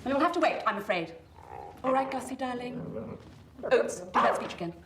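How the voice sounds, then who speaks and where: A woman's voice: on the high side, animated, moderate pace. An actress playing a bossy, impatient young woman directing a rehearsal, in a period television comedy. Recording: echoey room with loud background noise.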